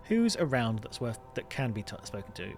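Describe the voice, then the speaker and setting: A man's voice: mid-range voice, very animated, fairly quick, faint music behind. A man hosting a game playthrough, chatting casually and thinking aloud. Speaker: gaming host. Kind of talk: casual let's-play commentary.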